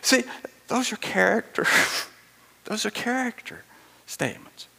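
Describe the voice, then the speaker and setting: A man preaching a sermon with animated storytelling, acting out the voices in his stories with chuckling asides. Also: high voice, unhurried, gravelly.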